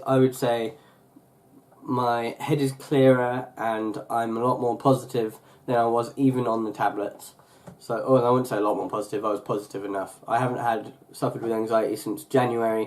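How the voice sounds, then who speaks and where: Young male vlogger, mid-pitch, chatty and meandering, lots of fillers and self-corrections. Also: flat delivery, moderate pace, a little mellow. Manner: rambling, full of fillers and restarts. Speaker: YouTuber. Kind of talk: casual vlog chat.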